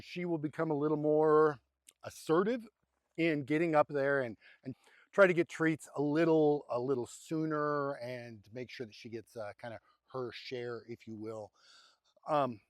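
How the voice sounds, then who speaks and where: A man's voice: a little high, no echo. Chatty man coaxing cattle outdoors. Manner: rambling and chatty, coaxing the animals softly. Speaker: homestead vlogger. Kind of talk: casual narration to camera while feeding cattle. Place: outdoors at a cattle pen on a farm. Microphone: handheld or nearby camera mic.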